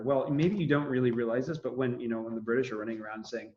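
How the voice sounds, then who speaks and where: A man's voice: medium pitch, normal speed, darkish tone, highs cut off, a little hiss or hum. A man giving a casual history lecture, rambling with many fillers and restarts. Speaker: history teacher.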